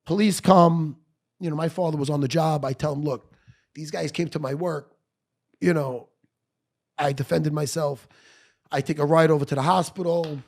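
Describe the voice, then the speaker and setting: Middle-aged New man, gravelly and a touch high, swearing freely as he tells an animated story. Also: normal speed, long pauses. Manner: profane, animated, blunt. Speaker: podcast guest. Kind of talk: storytelling in conversation. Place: podcast studio.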